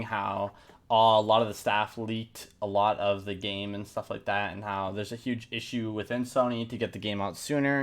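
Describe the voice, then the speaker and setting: A man hosting a casual podcast who jokes around and swears freely. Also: on the low side. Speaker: podcast host. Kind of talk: casual chat.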